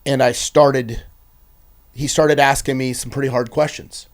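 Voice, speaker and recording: A man's voice: medium pitch, fairly even intonation, measured pace. Man telling an intense personal testimony. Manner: earnest, intense, shifting between loud and hushed. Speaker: podcast guest.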